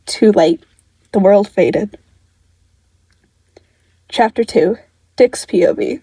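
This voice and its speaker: Woman reading fan fiction, mellow and dry. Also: fairly high pitch, animated, slow pace, long pauses, dry recording, rough recording. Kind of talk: audiobook-style story reading.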